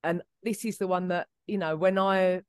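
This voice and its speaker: A woman's voice: on the low side, fairly even intonation, normal speed, darkish tone, smooth, no room sound, studio quality. A woman co-hosting a podcast, talking casually with lots of fillers and restarts. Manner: chatty, many fillers and restarts. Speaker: podcast co-host. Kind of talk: casual chat.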